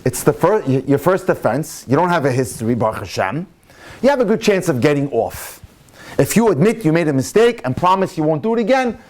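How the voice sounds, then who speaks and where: A man, a rabbi, telling a story in a sermon, animated and swinging into excited quoted voices. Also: on the high side. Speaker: rabbi lecturer.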